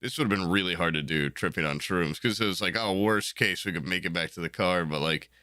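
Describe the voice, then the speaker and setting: A man co-hosting a podcast, telling a lively story in casual chat and acting out what people said. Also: deep voice, fairly quick, no echo, studio quality. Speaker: podcast co-host.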